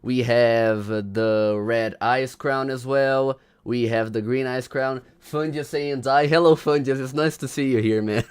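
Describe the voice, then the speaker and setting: A man's voice: medium pitch, fairly even intonation, a little slow, smooth. A man hosting a casual livestream, chatting to viewers, greeting them by name and hyping up the stream. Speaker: livestream host.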